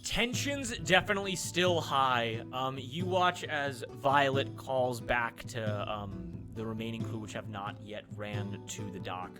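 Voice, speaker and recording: A man's voice: mid-range voice, animated, a little slow, few pauses, music in the background. A man running a tabletop game as game master, narrating loosely with many fillers and frequent laughs. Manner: casual, filler-heavy, laughing often.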